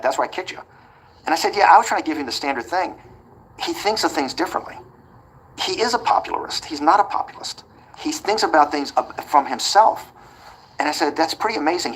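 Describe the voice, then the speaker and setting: A man being interviewed, telling a long anecdote quickly and acting out the quoted back-and-forth. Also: on the high side, a little hiss or hum, poor audio. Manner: rapid anecdotal delivery that acts out quoted dialogue. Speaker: interview guest. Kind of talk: storytelling in a conversational interview.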